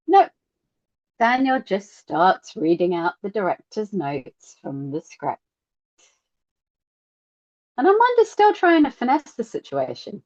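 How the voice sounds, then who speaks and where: Animated woman podcast co-host, dull sound. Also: on the low side, no room sound. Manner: animated, acts out quotes in lively voices. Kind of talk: casual podcast chat.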